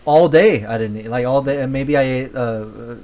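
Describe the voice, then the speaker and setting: A man's voice: mid-range voice, moderate pace, a little mellow. A man on a podcast in casual chat, often chiming in with short agreements and swearing casually as he talks. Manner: frequent backchannel, swears casually. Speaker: podcast co-host.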